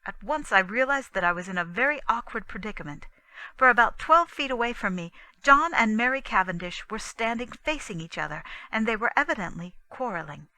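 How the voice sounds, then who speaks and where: A woman narrating a classic mystery novel in a calm, deliberate reading. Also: on the high side, no echo, low-quality recording. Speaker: audiobook narrator. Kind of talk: scripted narration.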